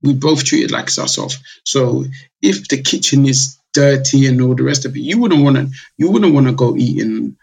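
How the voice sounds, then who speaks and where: A man's voice: mid-range voice, moderate pace, gravelly, a little mellow, husky, rough recording. A man, a drinks business founder telling stories in a casual podcast interview, acting out his customers' voices. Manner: chatty storyteller, acts out customers' voices. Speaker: guest, drinks brand founder.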